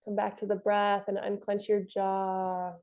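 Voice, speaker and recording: A young woman leads a yoga class in a calm, encouraging voice. She talks you through each pose and laughs softly now and then. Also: medium pitch, unhurried, lo-fi sound. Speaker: yoga instructor. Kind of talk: guided yoga class instruction.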